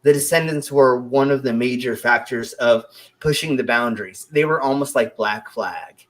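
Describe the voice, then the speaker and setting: A man's voice: mid-range voice, normal speed. A man in his twenties hosting a casual talk show, telling stories in a rambling way with many fillers and restarts. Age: 20s. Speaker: show host. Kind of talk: casual storytelling chat.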